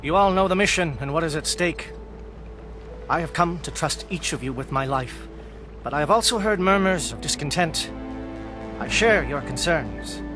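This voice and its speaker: A man's voice: fairly high pitch, expressive, moderate pace, over music, lightly acted. A man voicing a stern alien military captain. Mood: solemn. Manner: formal, clipped military speech. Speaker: commander briefing troops. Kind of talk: video game dialogue.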